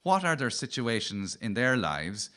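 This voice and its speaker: A man's voice: medium pitch, sing-song, a little slow, background noise. A man with a Cork Irish accent hosting a radio comedy show, telling wry, playful stand-up stories. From Cork, Ireland. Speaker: comedian host.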